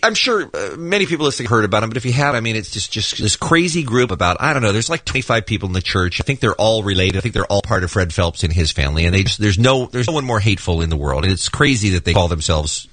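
A man's voice: on the low side, lively intonation, fast talker, hardly any pauses, fairly bright tone, dry recording. A man co-hosting a morning radio talk show, telling a story in a chatty way with many fillers, in a studio. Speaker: radio co-host. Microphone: studio microphone.

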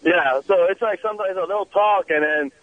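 A man's voice: high voice, normal speed. A male caller telling a story on a radio show. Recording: phone line.

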